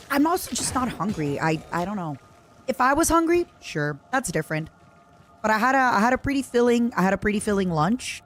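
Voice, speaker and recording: Lively chatty woman streamer. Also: mid-range voice. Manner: rambling, chatty, reads out chat messages. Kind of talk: casual chat while playing a video game.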